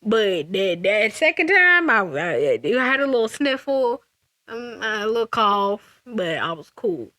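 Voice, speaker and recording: A young woman telling a casual storytime vlog, animated and sassy, with frequent restarts and laughter. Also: medium pitch, measured pace, no echo, studio quality. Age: young adult. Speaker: vlogger.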